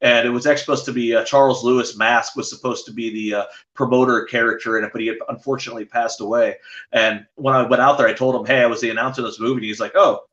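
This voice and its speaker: A man's voice: mid-range voice, flat delivery, very fast, fairly bright tone, roomy sound, muffled recording. A man, a podcast guest, rambling through casual stories with many fillers and restarts. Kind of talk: casual storytelling chat.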